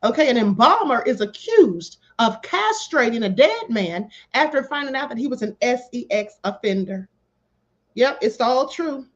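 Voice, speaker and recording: A woman's voice: a little high, big pitch swings, normal speed. A woman hosting a live stream, reading news stories aloud in a chatty way and calling her viewers honey. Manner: chatty, calls viewers honey, bursts into laughter. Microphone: home live stream setup. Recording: slightly dull lo-fi stream audio.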